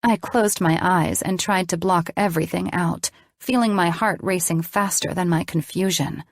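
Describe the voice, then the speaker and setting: Woman narrating an audiobook, low and dry. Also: moderate pace, dry recording. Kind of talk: first-person audiobook narration.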